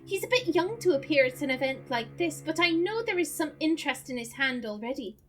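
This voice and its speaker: A woman voicing a cheeky gentleman with a put-on Scottish accent, teasing and familiar. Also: high voice, lively intonation, brisk, music in the background. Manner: teasing, familiar, calls others darling.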